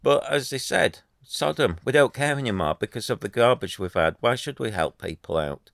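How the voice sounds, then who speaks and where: A man's voice: mid-range voice, lively intonation, normal speed, gravelly, a bit bright, dry recording, studio quality. A man, talking to camera in an earnest, rambling way, full of restarts and fillers. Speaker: YouTuber. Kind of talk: casual commentary to camera.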